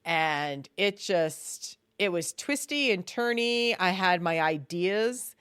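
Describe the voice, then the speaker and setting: Chatty low-voiced woman, dry close mic. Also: takes it slowly, smooth, no echo. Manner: chatty and animated, breaks into loud exasperated quoted outbursts. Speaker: podcast co-host. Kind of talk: casual chat reviewing a TV series.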